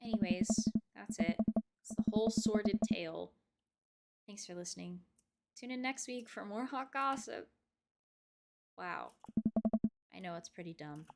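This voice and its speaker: A woman's voice: mid-range voice, unhurried, gravelly, pauses often. A woman voicing an upset teenage girl who rambles as she vents to her dad, read from a game script. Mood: glum. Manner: rambling, exasperated storytelling. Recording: loud game music behind.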